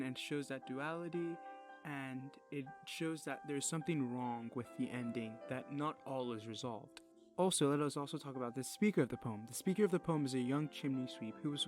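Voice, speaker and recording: Young male student presenter, mid-pitched, earnest; reads verse, then walks through the analysis; faint guitar bed. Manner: earnest, explanatory, with loose fillers. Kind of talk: poem recital and literary analysis.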